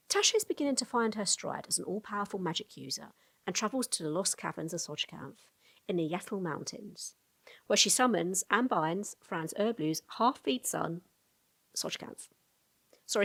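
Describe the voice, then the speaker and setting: A woman narrating a fantasy lore explainer video in a brisk storytelling tone, with casual asides to the viewer. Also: medium pitch, creaky, slightly rough.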